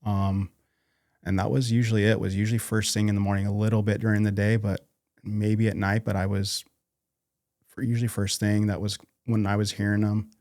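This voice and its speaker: A man from North Idaho, a podcast guest talking casually in a halting way, with many fillers and restarts. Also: fairly low pitch, little pitch movement, darkish tone, no echo, clean studio sound. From North Idaho, USA. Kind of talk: casual interview conversation.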